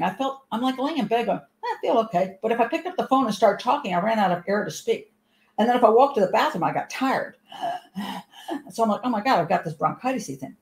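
A woman talks casually to her audience as a show host, wandering through her points and restarting sentences as she goes. Her voice sits in a middle pitch. It is recorded in a noticeably echoey room. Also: a little mellow. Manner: rambling, chatty storytelling with frequent restarts. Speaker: host and commentator. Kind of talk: casual commentary to camera.

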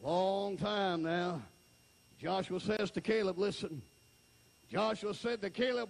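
A male evangelist preaching a fiery revival sermon, shouting and then dropping to a hush. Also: high-pitched, measured pace, creaky. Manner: shouting, jumps between loud and hushed delivery.

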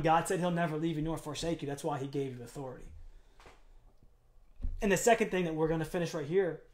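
A man's voice: a little high, darkish tone. A man preaching a sermon to a church congregation as pastor, building to emphatic peaks and asking rhetorical questions.

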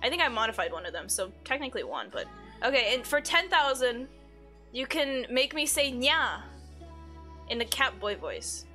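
A woman's voice: fairly high pitch, animated, fairly quick, sharp tone. A woman live streamer in casual chat, reading her chat aloud, swearing freely and giggling often. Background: faint background music.

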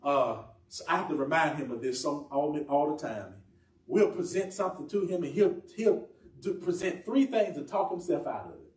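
High-voiced man preaching in an echoey church. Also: lively intonation, a little mellow, a little hiss or hum. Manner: emphatic preaching with drawn-out phrases. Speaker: pastor. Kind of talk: sermon. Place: church sanctuary. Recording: echoey church room from far off.

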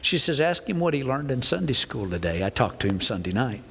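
An older man preaching a folksy, animated sermon to his congregation. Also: medium pitch, fairly quick, creaky, husky. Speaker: pastor. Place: church sanctuary. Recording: reverberant church hall.

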